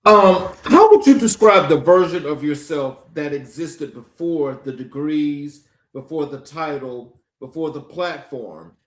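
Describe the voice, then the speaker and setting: A man with a fairly high voice hosts a podcast interview and asks carefully prepared, measured questions. His voice carries a noticeable roomy echo. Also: lively intonation. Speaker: podcast host.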